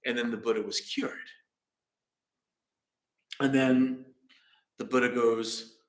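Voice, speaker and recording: A man's voice: mid-range voice, fairly even intonation, slow. Casual man telling a dharma story. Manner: casual, rambling, many fillers. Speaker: meditation teacher. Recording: roomy echo.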